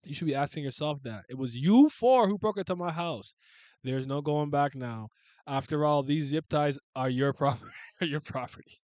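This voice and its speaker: A man voicing a calm, unflappable adult male manga artist, reading the manga's lines aloud in a matter-of-fact way. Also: on the high side, normal speed, no echo, close to an everyday voice. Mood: cool. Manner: cool, matter-of-fact, composed.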